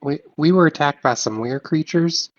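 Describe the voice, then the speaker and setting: A man's voice: fairly high pitch, moderate pace, no room sound. A man playing a tabletop game, talking casually and a little rambling. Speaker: player. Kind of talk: casual in-character play. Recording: dry, dull lo-fi mic.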